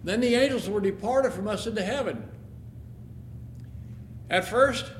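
Man, dramatic first-person storyteller, high lively voice, echoey room, faint hiss. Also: unhurried. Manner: expressive, emotional narration.

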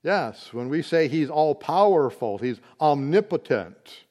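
A man teaching a Bible study, explaining word meanings slowly and deliberately, with occasional fillers. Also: a little high, expressive, a little mellow.

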